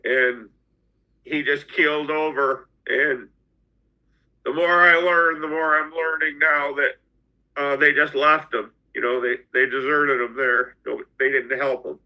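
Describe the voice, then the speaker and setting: A middle-aged man telling his own story as a podcast guest, halting and often repeating his words. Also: on the high side, steady tone, bright, forceful tone. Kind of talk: personal storytelling. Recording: dull lo-fi audio.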